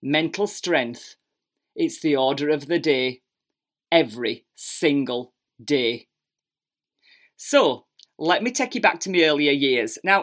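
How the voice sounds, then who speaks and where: A woman in her fifties with a Yorkshire accent, telling her own story in a chatty, animated, self-deprecating way from her kitchen at home. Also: low-pitched. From England. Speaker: podcast host. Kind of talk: personal storytelling monologue.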